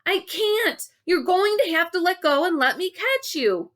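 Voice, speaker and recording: A woman's voice: extremely high pitch, sing-song, a little slow, pitched above the performer's own voice, exaggerated voice. A woman voicing Dale, a boy calling out from the water and coaxing his friends to trust him. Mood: urgent coaxing. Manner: coaxing, shouting.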